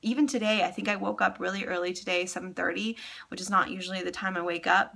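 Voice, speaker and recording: A woman's voice: mid-range voice, sharp tone. A young woman talking candidly in a casual personal vlog, chatty and full of ums, emotional and close to tears. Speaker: vlogger.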